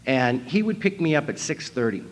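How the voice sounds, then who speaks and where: A man's voice: mid-range voice, big pitch swings, a little fast, slight background noise. Wry self-mocking man telling his story. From North Dakota. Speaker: recovery meeting speaker. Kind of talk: storytelling talk at a convention. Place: convention hall.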